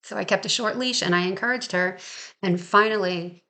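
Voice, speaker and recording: Chatty woman with a gravelly voice. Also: mid-range voice, normal speed, bright, forceful tone. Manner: chatty, laughs often, acts out quotes. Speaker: dog trainer. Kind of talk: casual storytelling. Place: Maine.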